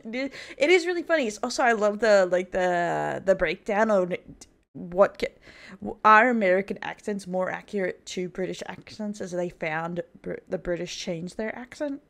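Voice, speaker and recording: A woman from Australia chatting casually as a vtuber reacting to memes, laughing often and trailing off softly. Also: mid-range voice, moderate pace, gravelly.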